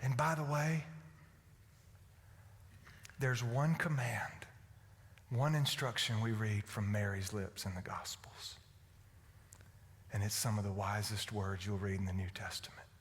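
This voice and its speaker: A man from Alabama, preaching a folksy, humorous sermon that swings from loud to hushed. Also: lowish voice, steady tone, a little slow, pauses often, slightly rough. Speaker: pastor. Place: church sanctuary. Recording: echoey church hall.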